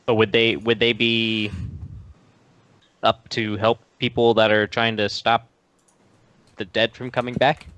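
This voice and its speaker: A man's voice: lowish voice, little pitch movement, unhurried, pauses often, fairly bright tone, dry recording. A man playing a tabletop game, asking questions in a hesitant, casual way. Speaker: player.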